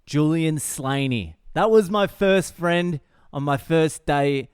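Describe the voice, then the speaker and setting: A comedian hosting his own podcast, telling a story in a profane, wry, deadpan way with lots of swearing. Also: a little high, slow, smooth, dry recording, clean studio sound. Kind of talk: comic storytelling monologue.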